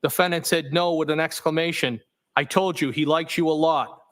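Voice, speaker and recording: A man's voice: fairly high pitch, moderate pace. Man reading texts aloud on the stand. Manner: steady, matter-of-fact reading, speaking punctuation aloud and correcting the text. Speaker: trial witness. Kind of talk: reading text messages aloud in court. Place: courtroom.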